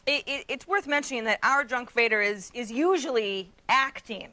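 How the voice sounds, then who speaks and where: A woman's voice: on the high side, pushed and bright. A young woman co-hosting a TV show, with playful, wry banter. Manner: playful, wry and quick to laugh. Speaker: co-host. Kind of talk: joking TV studio banter.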